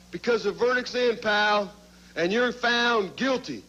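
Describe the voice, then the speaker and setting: A man with a high voice cuts a wrestling promo. He taunts his opponent with sarcastic bluster. The sound is the muffled audio of an old TV recording. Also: unhurried, sharp tone.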